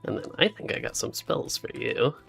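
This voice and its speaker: Talking at a moderate pace over soft background music, a man streams a co-op survival game. His chat is relaxed and rambling, full of laughs, and he sounds sleepy and yawns through the late-night session between tasks.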